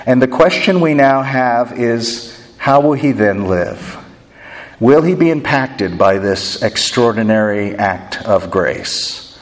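Expressive male pastor preaching, hall reverb. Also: mid-range voice, takes it slowly. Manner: expressive storytelling, acting out voices in scripture. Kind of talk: sermon.

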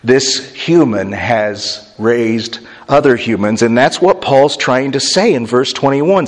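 A man's voice: mid-range voice, big pitch swings, normal speed, a little hiss or hum. A male pastor teaching a sermon in a conversational, explanatory way, with chatty asides to the congregation. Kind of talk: expository sermon. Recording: long hall reverb.

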